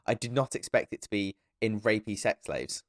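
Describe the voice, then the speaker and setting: A young man co-hosting a casual film podcast, animated and swearing, often jumping into high mocking voices. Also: normal speed, dry recording, clean studio sound. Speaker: podcast co-host. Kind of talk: casual film review chat.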